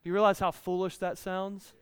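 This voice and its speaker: A man's voice: high-pitched, little pitch movement, fairly quick, clear, resonant tone, long reverb tail. A man in his thirties preaching a conversational sermon, repeating key lines and rising in volume when he reads scripture.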